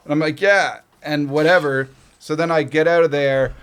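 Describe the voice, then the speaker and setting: A man's voice: on the high side, brisk, smooth. A middle-aged man from Canada, a guest telling a casual story with lots of swearing and acted-out quotes. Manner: profane, animated retelling with acted quotes.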